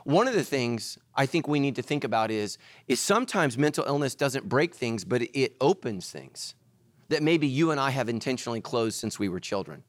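A man preaching a sermon as pastor, animated, swinging between loud emphatic lines and hushed ones. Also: mid-range voice, normal speed, dry recording.

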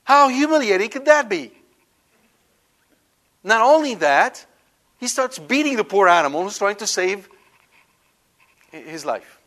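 A man teaching a Catholic Bible lesson in an animated way, full of rhetorical questions. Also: high-pitched, unhurried, pauses often. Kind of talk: Bible study lecture.

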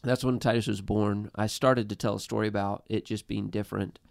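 Earnest male storyteller, thirties, low smooth voice with gravel, dry close sound. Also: steady tone, dry recording. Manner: earnest, halting with restarts. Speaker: guest. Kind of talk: personal storytelling in a podcast chat.

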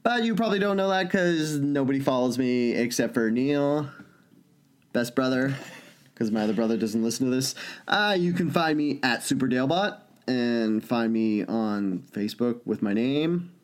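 A man's voice: medium pitch, moderate pace. A man co-hosting a podcast in casual banter, joking and swearing a lot. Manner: profane, joking, animated. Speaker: podcast co-host.

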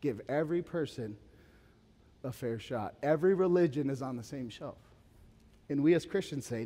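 A man in his thirties preaching a sermon as pastor, animated, swinging from urgent emphasis to quiet asides with casual fillers. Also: high-pitched, fairly quick. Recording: long hall reverb.

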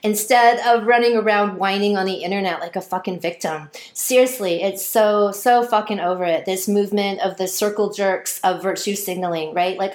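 A woman in a profane, sarcastic ranting monologue who mocks others in high, whiny voices. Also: normal speed, roomy sound.

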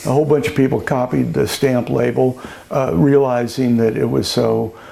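A man's voice: mid-range voice, fairly even intonation, normal speed, vocal fry, warm tone. An older man who owns a winery, telling anecdotes in an oral history interview, chatty, laughing often and acting out the voices of people he quotes. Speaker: winery owner.

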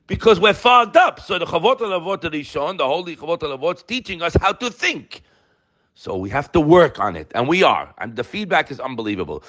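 A man's voice: fairly high pitch, sing-song, a little fast, fairly bright tone. A man teaching a daily Torah class, firing rhetorical questions and mixing Hebrew terms into his English.

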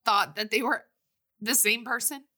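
A woman hosting a casual movie chat, jokey and quick to laugh as she recounts scenes. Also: fairly high pitch, bright, forceful tone. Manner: giggly, jokey, acts out quotes.

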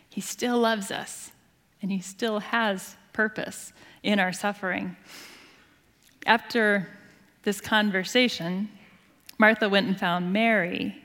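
A woman pastor preaching a sermon in an earnest, expressive storytelling manner, dropping to a hushed voice at tender moments. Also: mid-range voice. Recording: long hall reverb.

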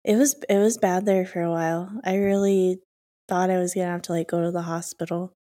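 Husky-voiced woman podcast co-host. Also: fairly low pitch, little pitch movement, brisk, dark tone. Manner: laughing, playful. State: husky after illness. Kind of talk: casual chat.

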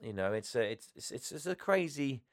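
A man's voice: medium pitch, very animated, fairly quick, dry recording. A tired man co-hosting a casual podcast chat, chatty and self-deprecating with frequent laughs. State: tired, yawning. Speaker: podcast co-host.

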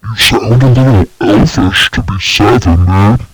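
A man on a comedy podcast, teasing the others in a slang-heavy, deadpan way. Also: fairly low pitch, measured pace, husky, low-quality recording.

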